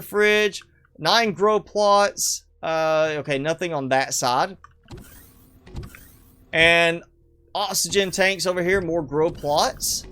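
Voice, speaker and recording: A man's voice: high-pitched, pushed and bright, clear, resonant tone. Male streamer, casual rambling commentary, self-deprecating, clean resonant tone. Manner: chatty, rambling, self-deprecating, chuckles often. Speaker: streamer showcasing player builds. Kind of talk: casual live game commentary.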